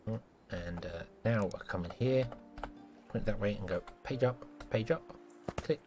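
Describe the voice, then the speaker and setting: A man's voice: on the low side, a little slow, over music. A man giving casual, self-mocking commentary while live-streaming a building game, playfully scolding the characters in it.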